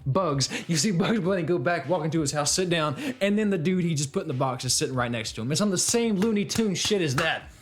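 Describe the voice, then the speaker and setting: A man streaming a video game, reacting loudly, swearing, laughing and chatting with viewers. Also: fairly high pitch, expressive, quick pace, hardly any pauses, slight background noise. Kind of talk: casual gaming stream commentary.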